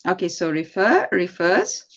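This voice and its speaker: A woman's voice: lowish voice, big pitch swings, measured pace, dull audio. A woman with a Serbian accent teaching an English grammar class online, patient and encouraging as she explains step by step.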